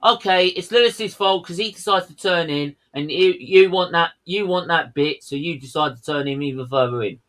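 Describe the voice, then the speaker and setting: A man's voice: fairly high pitch, moderate pace, hardly any pauses, fairly bright tone, rough recording. A man co-hosting a race watchalong, ranting heatedly and swearing at the drivers. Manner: heated, swearing, fuming outbursts. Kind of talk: live race commentary rant.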